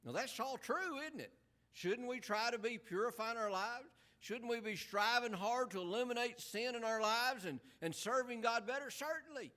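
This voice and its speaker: A man's voice: extremely high pitch, animated, moderate pace, bright, forceful tone. A man preaching a sermon in an earnest, emphatic way, full of rhetorical questions.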